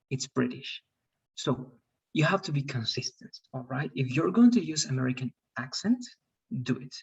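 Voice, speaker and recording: A man's voice: medium pitch, moderate pace, creaky, breathy edge, highs cut off. A man teaching an English class online, explaining rules and often checking with "all right?".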